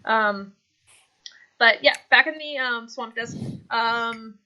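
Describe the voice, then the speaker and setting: A woman's voice: fairly high pitch, slow, sharp tone, lo-fi sound. A woman narrating a tabletop game as game master, rambling loosely with lots of fillers and restarts. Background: music.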